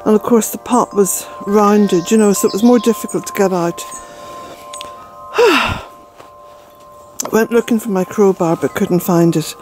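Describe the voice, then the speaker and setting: A woman's voice: medium pitch, takes it slowly, pauses often, soft background music, poor audio. An older woman from Ireland, a vlogger chatting outdoors in her garden, out of breath and rambling with fillers. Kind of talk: casual walk-and-talk narration.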